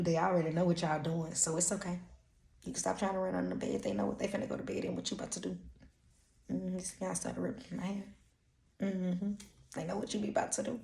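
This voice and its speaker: Lady doing intuitive readings, lowish voice, straight talk and cussing, roomy sound. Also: steady tone, a little fast, vocal fry, darkish tone. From Louisiana. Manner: blunt, profane, streetwise slang. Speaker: intuitive reader. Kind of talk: casual channeled energy reading. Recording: roomy echo.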